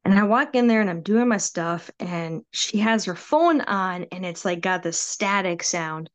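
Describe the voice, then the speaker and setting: A woman guest telling a personal ghost story in a casual, animated way. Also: fairly low pitch, a little slow. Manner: animated, acts out quoted voices.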